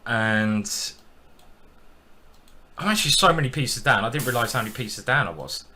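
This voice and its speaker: A man's voice: medium pitch, lively intonation, moderate pace, sharp tone. A man streaming his chess games, thinking aloud with self-deprecating commentary.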